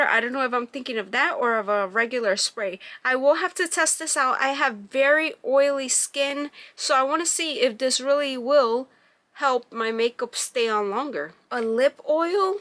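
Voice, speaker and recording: Unboxing a beauty box for a casual review, a woman vlogger reads the product labels out loud and raves about the packaging. She speaks in a high, pushed, bright voice.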